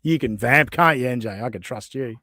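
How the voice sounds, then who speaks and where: A man's voice: mid-range voice, brisk, sharp tone, no room sound. Australian man, podcast host, crude joking, dry close sound. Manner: crude, mocking, laughs often. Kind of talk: casual chat reacting to clips.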